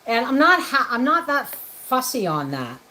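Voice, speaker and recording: A woman's voice: sits high, sing-song, moderate pace, pushed and bright, rough recording. A woman hosting a homestead livestream from her kitchen, chatting casually as she cooks and greeting viewers by name. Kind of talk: casual livestream chat while cooking. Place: home kitchen.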